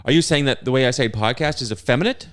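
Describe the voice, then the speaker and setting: A man in his late thirties co-hosting a comedy podcast, trading deadpan absurd bits in casual chat. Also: medium pitch, fast, clear, resonant tone. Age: 30s. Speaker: co-host.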